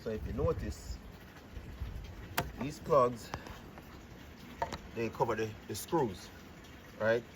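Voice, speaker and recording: A man talking casually in a home vlog, chatty and relaxed, often repeating words as he explains a fix on his deck outdoors. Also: mid-range voice, slow pace, pauses often, recorded from a distance. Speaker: vlogger. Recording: noisy outdoor camera audio.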